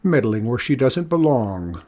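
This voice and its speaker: A man doing a gruff, scornful old lighthouse keeper. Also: mid-range voice, expressive, normal speed, natural voice. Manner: mocking, scornful, calls loudly.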